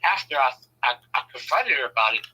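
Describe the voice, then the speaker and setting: A man from Southern California telling personal stories in a casual, animated way, swearing freely and acting out the voices he quotes. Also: mid-range voice, fairly quick, husky, poor audio. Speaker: speaker sharing personal stories. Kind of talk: casual storytelling.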